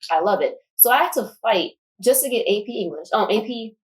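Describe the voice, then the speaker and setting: A woman's voice: mid-range voice, lively intonation, recorded from a distance, rough recording. A young woman talking passionately in a casual discussion, packing her speech with fillers like "like". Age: young adult. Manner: passionate, fast, filler-heavy. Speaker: student guest.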